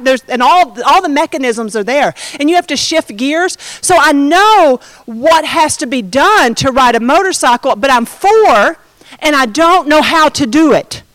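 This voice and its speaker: A middle-aged woman preaching a sermon through a personal story, animated, with dramatic slowdowns and hushed emphasis. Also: high voice, dry recording.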